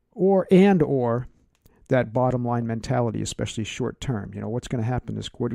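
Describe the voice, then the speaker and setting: A man's voice: medium pitch, creaky, dark tone, no echo, clean studio sound. A man hosting a solo podcast, speaking earnestly and emphatically, stretching out key words for stress. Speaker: podcast host.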